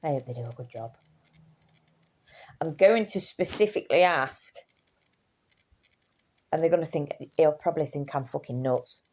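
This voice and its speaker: Tired woman vlogging; low, dark, gravelly voice, loose and chatty. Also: lively intonation, moderate pace, pauses often. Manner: chatty, swears casually, trails off and restarts. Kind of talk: casual rambling chat.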